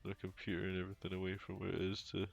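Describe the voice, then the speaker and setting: A man's voice: deep voice, completely flat delivery, rapid-fire, creaky, husky. A man streaming a game from home on a headset, rambling casually with lots of fillers and dry jokes. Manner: rambling, filler-heavy, joking. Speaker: streamer and young father. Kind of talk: casual gaming stream chat. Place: home room. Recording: dull lo-fi sound with music behind.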